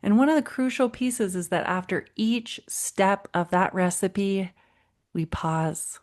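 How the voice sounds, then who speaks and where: Speaking slowly at a medium pitch, this woman coaches parents on her own podcast episode. She's friendly and encouraging, and she brings quotes to life with animated voices.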